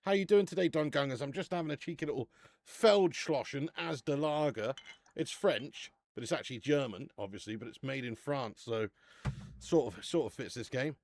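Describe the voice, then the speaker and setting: A man's voice: mid-range voice, moderate pace, no echo. A man hosting a casual football watch-along stream, chatting with the live chat and swearing casually.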